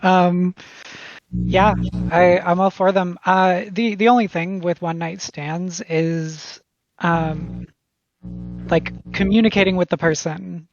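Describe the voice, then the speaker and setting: Woman, podcast guest, mid pitch, gravelly, easygoing and frank, dull recording. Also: steady tone, takes it slowly. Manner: frank and easygoing, frequent "um" and restarts. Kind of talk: casual chat.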